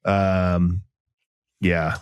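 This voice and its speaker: A low-pitched man telling long, jokey stories on a podcast. He rambles from one story to the next in a loose, animated way, and his voice sounds dry and close. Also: very slow, smooth, no echo. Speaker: podcast co-host. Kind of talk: casual chat.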